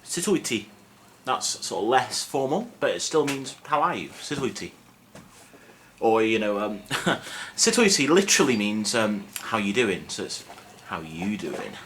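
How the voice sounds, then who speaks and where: A young man teaching a casual video lesson in a relaxed, self-mocking, chatty way with lots of fillers. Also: mid-range voice, a little slow. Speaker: Welsh language teacher. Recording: faint background noise.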